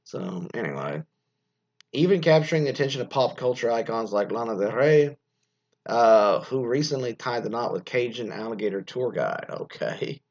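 Husky-voiced man riffing on the news. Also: medium pitch, expressive, normal speed, a little mellow. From United States. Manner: rambling, frequent restarts and fillers, reads news aloud then riffs. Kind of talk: casual opinionated commentary. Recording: dull lo-fi sound.

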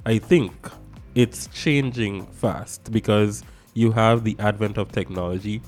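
A man in a casual discussion, animated and speeding up in bursts. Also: fairly low pitch, a little slow, faint music behind.

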